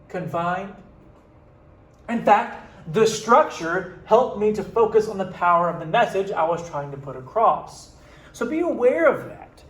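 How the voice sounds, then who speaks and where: High-voiced male teacher in echoey room. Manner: reads passages slowly then explains in casual asides. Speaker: English teacher. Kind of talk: reading aloud and explaining a text to students.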